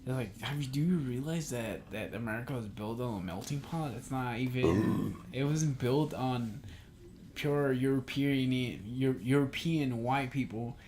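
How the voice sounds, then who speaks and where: A man's voice: medium pitch, measured pace, a little mellow. Young male co-host, mid-range voice, heated profane rants, faint ambient hiss. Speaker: podcast co-host. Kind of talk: casual chat.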